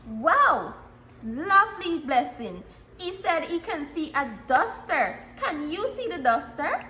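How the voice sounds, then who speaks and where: Woman teacher, high animated voice, bright tone, patient and encouraging with small children. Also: roomy sound, a little hiss or hum. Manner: encouraging, repeats letter sounds slowly. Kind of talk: classroom phonics lesson. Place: classroom.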